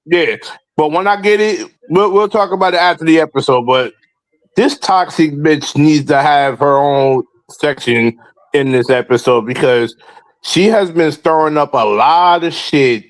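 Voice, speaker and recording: A man's voice: on the high side, a little slow, no echo, poor audio. A man hosting a livestream talk show, confrontationally calling out rivals. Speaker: host.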